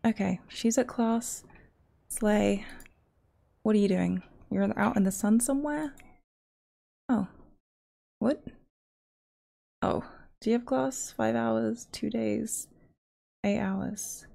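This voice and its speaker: A young woman chatters excitedly through a life-simulation game, swearing freely. Her voice is slightly high, with a gravelly edge and a dark, mellow tone. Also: unhurried, long pauses. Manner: crude, excitable running commentary with swearing. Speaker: gaming streamer. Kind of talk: casual let's-play commentary.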